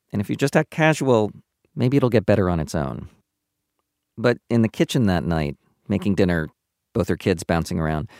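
A man, a radio producer, narrating a story in a measured, scripted way. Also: fairly low pitch, no room sound, clean studio sound.

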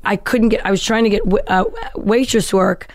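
A woman guest tells her life story in a casual interview. She is animated and slips into other people's voices as she goes. Her pitch is middling, and the recording is dry and close. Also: normal speed, no echo. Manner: animated, acts out quoted voices.

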